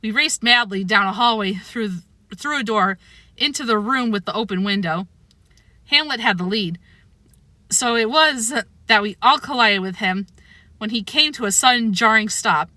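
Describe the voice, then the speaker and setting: A woman reading a children's book aloud with expressive, animated storytelling, close to the mic. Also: fairly high pitch, normal speed, dry recording. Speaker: narrator.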